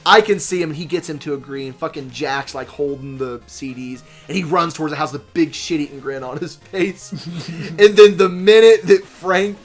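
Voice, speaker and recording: A young man on a gameplay channel tells a rambling, profane story, stopping and restarting as he goes. His voice sits a little high for a man, and he stumbles over names and fillers. Faint game music plays underneath. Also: normal speed. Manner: mimics friends in shrill shouts. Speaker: let's play host. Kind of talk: casual storytelling while gaming.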